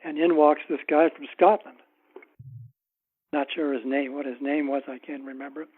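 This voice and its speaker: Male author guest with a slightly high voice, wry and anecdotal, on a tinny phone-like line. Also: steady tone, normal speed. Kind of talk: casual interview storytelling.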